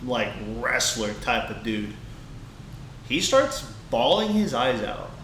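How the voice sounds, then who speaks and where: A man's voice: medium pitch, very animated, slow, a bit bright. A young man co-hosting a podcast, telling a heartfelt story in a rambling way, full of restarts. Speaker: podcast co-host. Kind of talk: casual podcast chat. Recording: echoey room, faint background hiss.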